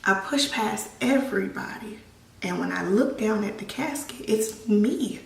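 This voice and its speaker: Woman, young adult, vlog storytelling, emotional, halting, holding back tears, gravelly voice, off-mic in an echoey room. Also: medium pitch, expressive, distant mic, slight background noise. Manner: halting, emotional, frequent restarts and fillers. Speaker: vlogger.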